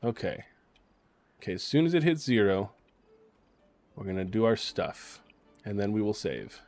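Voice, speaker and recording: A man casually commentating his gameplay on a stream, chatty and excitable, cursing now and then. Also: on the low side, moderate pace, faint music behind. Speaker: game streamer.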